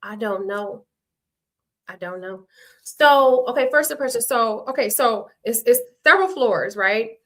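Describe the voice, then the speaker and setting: A woman's voice: a little high, expressive, a little slow, a bit bright. A young adult woman, a reality show cast member, talking frankly and rambling through an unscripted livestream with casual swearing.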